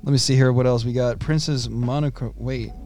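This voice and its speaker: A man's voice: mid-range voice, fairly even intonation, a little fast, a little mellow, faint music behind. A man co-hosting a podcast in casual chat, joking and laid-back, using lots of slang. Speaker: podcast co-host.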